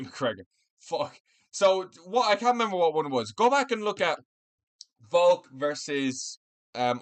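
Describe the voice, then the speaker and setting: A man's voice: high-pitched, fairly bright tone. A man hosting his own channel, ranting angrily and swearing constantly in a heated commentary vlog from his room at home. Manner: angry, profane, heated ranting. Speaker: MMA commentator, channel host.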